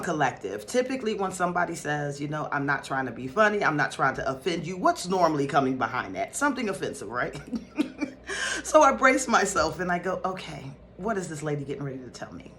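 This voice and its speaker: A woman from North Philadelphia, a spiritual teacher, telling a story to her viewers in a casual, excitable way with frequent laughter. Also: fairly low pitch, slight background noise.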